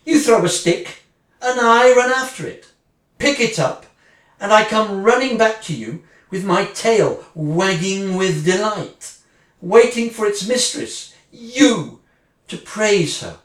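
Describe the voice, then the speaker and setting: Woman acting a wounded wife, sarcastic, slow-spoken, echoey distant recording. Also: medium pitch, expressive. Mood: bitter sarcasm. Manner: sarcastic, swinging between mocking and furious. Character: bitter woman leaving her husband, sarcastic and wounded. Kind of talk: dramatic monologue, one side of a phone call. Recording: roomy, distant mic.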